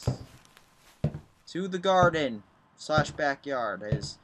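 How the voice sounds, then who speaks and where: A man's voice: a little high, expressive, slow. A young man commenting on a horror game as he plays, jumpy and mocking himself as he talks to himself. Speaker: gaming YouTuber. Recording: noisy home recording with clicks.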